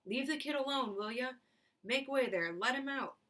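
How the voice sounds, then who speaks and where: A woman voicing a fat, excitable male shopkeeper in a children's storybook reading, shouting high and fast when thrilled. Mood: firm.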